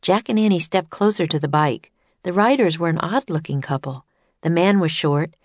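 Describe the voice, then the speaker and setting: A woman's voice: lowish voice, normal speed, no room sound. Woman reading a storybook aloud. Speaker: narrator.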